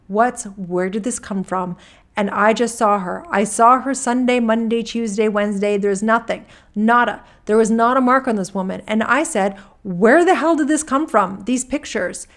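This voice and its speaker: A woman's voice: a little high, moderate pace, lightly acted. A woman reading a court transcript aloud, voicing a male witness who rambles and restarts his sentences in casual talk. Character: rambling male witness giving deposition testimony.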